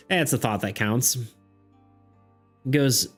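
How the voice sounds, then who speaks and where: A man's voice: fairly low pitch, measured pace, pauses often, faint music behind. A man narrating a streamed tabletop game as game master, rambling, laughing often and using many fillers.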